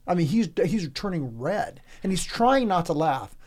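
A man's voice: sits high, sing-song, moderate pace, a little mellow. A man co-hosting a podcast, telling a funny work anecdote in casual chat and laughing often. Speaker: podcast co-host.

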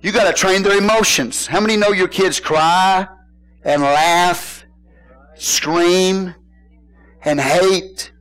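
Pastor, middle-aged man, slightly high voice; folksy sermon with call-and-response and shouted emphasis. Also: clear, resonant tone, poor audio. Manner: preaches with call-and-response questions to the congregation; casual folksy phrasing, bursts into shouted emphasis.

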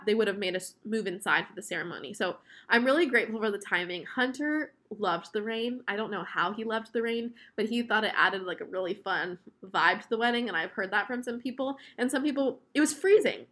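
A woman's voice: mid-range voice, a bit bright. A young woman in her twenties telling a personal story in a casual, chatty way, with many fillers and gushing enthusiasm. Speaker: vlogger.

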